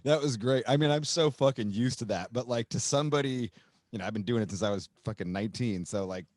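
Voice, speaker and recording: A man hosting a podcast, a touring musician, chatting casually with quick asides and easy swearing. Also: medium pitch, darkish tone, dry recording. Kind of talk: casual chat.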